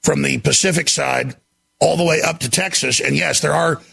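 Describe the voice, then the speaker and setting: A man's voice: fairly high pitch, fairly even intonation, fairly quick, creaky, fairly bright tone, husky. A man hosting a talk radio show, speaking in an intense, indignant and emphatic way. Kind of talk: heated talk radio commentary.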